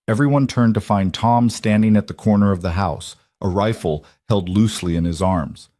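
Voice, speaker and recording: Low-voiced man narrating a western. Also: normal speed, few pauses, warm tone, dry recording, clean studio sound. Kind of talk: scripted audiobook narration.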